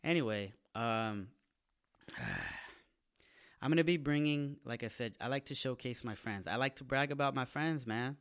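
Man, comedian, casual crude monologue, slangy, animated. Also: medium pitch, moderate pace, clean tone. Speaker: comedian hosting his own podcast.

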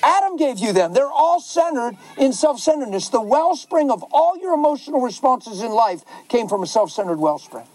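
A man's voice: very high-pitched, big pitch swings, moderate pace, few pauses, a little mellow, poor audio. A man pastor answering questions in a passionate, emotional preaching style.

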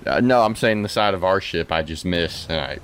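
A man's voice: low-pitched, expressive, a little fast, a bit bright, a little hiss or hum. A man playing a tabletop game with friends, joking around casually. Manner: joking, laughing. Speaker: player.

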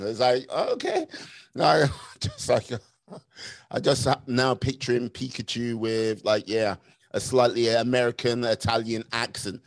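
A man's voice: mid-range voice, vocal fry. A man hosting a podcast interview in a casual, playful way, laughing often and drawing out his sign-offs. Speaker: podcast host.

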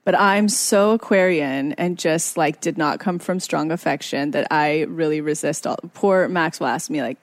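A woman's voice: sits low, dry recording. A young woman co-hosting a podcast, chatting candidly and poking fun at herself. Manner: candid, self-deprecating, quick laughs. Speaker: podcast co-host. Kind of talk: casual couple chat.

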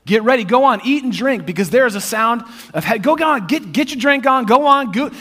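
A man voicing a biblical prophet in a sermon, swinging from brash confidence to hushed, pleading prayer. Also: on the high side, expressive, fairly quick. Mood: triumphant. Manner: pleading in a hushed voice when desperate. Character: bold male prophet, confident then desperate.

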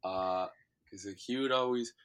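Young man, deep voice, Midwestern accent, loose chatty guest, filler-heavy. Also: normal speed, smooth. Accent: Midwestern American. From Ohio. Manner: relaxed rambling with many fillers. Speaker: guest, former reality show contestant. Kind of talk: casual interview.

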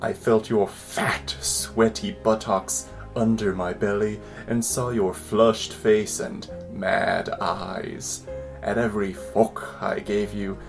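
A man in a British accent playing a lusty early-1900s male letter writer. He reads slowly and lingers over each phrase. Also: lowish voice. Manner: slow, lingering dramatic reading. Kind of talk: dramatic reading of a letter.

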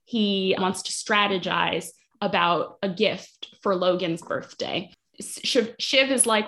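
Woman, podcast co-host, casual recap, chatty, quotes characters, medium pitch. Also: slow pace, creaky, a bit bright. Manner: chatty, retelling scenes with quoted dialogue. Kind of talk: casual chat recapping a TV episode.

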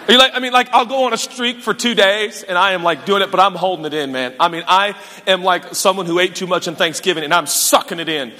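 A man preaching a sermon in a church, animated and self-mocking, with quick asides. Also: sits high. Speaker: pastor. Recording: echoey church hall.

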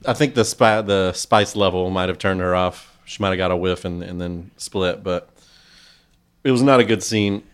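A man chatting on a podcast in a wry, self-mocking way. His voice sits a little low, and his telling is relaxed. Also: moderate pace, clean tone. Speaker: podcast co-host. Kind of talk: casual chat.

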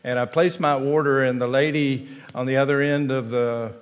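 A man in his fifties with a Tennessee accent, a pastor telling folksy stories at a chapel address, with halting restarts. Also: mid-range voice, steady tone. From Tennessee, USA. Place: large chapel. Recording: long hall reverb.

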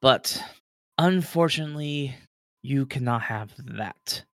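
Give me a man playing an old, god-like guardian in a tabletop game. He talks softly and slowly with dry world-weariness. The voice is smooth and recorded close and dry. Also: medium pitch, no echo, lightly acted. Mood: weary. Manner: slow, soft, world-weary, dry. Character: ancient weary male god-like guardian.

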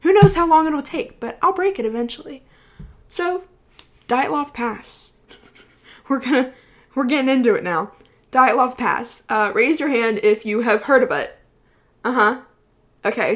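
A woman's voice: fairly high pitch, animated, moderate pace, pauses often. Young woman around 20, podcast host, rambly and giggly, super casual chat. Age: about 20.

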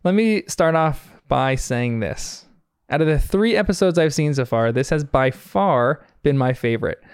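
An American man hosts a podcast and recaps a cartoon episode in an earnest, reflective manner, chuckling often. His smooth, resonant voice carries a gravelly edge. The close, dry recording has no room sound. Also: mid-range voice, darkish tone, dry recording. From United States. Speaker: podcast host.

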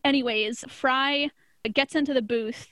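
A woman's voice: high voice, steady tone, unhurried, pushed and bright, no room sound. A woman casually recapping a cartoon episode, chatty and often laughing mid-sentence. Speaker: podcast co-host.

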